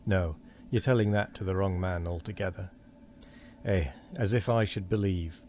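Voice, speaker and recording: A wheezy, doubting old man who grumbles at a stranger in the dark and then begs him not to leave, as a man reads him aloud. The voice sits very low. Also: normal speed, a little hiss or hum, natural voice. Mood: scoffing.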